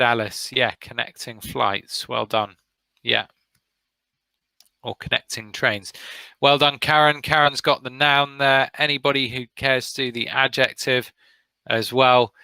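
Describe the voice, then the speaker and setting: A man's voice: mid-range voice, sharp tone, clean tone, dry recording, low-quality recording. A man from the UK with a British accent, teaching an online vocabulary lesson and encouraging students by name. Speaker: English teacher.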